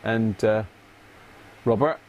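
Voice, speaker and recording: A man's voice: on the low side, fairly even intonation, slow, muffled recording, a little hiss or hum. A man hosting a live stream, chatting casually to viewers by name and muttering to himself as he works. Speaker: live-stream host repairing electronics. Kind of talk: casual live-stream chat while working.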